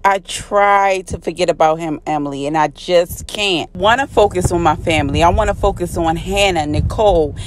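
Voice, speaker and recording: A woman's voice: fairly low pitch, moderate pace, hardly any pauses, close to an everyday voice. Brief: weary, guarded young mother, read by a woman recapping.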